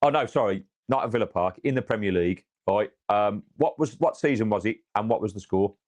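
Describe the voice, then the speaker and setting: A man's voice: fairly low pitch, brisk, darkish tone. Casual male podcast host, chatty fan quizzing co-hosts. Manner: chatty, says mate a lot, swears. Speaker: host asking quiz questions. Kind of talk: casual football podcast chat.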